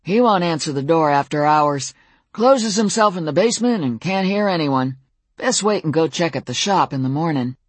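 A woman voicing a gruff, skinny old man with a sly, folksy drawl in an audiobook. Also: low-pitched, expressive, normal speed, no room sound.

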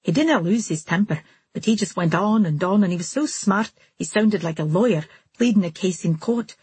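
A woman voicing a calm, steady young man who speaks gently and earnestly in an audiobook. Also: mid-range voice, normal speed, husky, no room sound. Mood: wry.

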